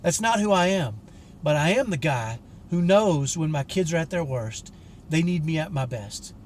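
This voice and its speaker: A man's voice: fairly high pitch, lively intonation, moderate pace, slight background noise. A man in his fifties, a coach for fathers, telling a personal story to camera in an earnest, direct way. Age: 50s. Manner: earnest and direct, frank about his temper.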